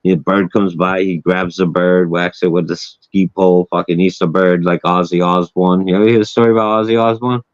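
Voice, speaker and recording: A man's voice: deep voice, level tone, a little fast, hardly any pauses, no room sound. A man hosting a casual chat, telling a wild story with lots of swearing and laughing at his own punchlines. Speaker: host. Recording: dull lo-fi sound, dry.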